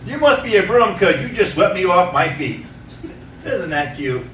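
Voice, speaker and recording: A man with a high, bright voice swings up and down in pitch as he tells his stand-up stories, laughing at his own punchlines. He is heard on a stage mic from some distance, in a roomy, echoing theater. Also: moderate pace, slight background noise. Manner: loud, animated storytelling, laughing at own jokes. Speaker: stand-up comedian. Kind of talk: stand-up comedy set. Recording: echoey room, mic from a distance.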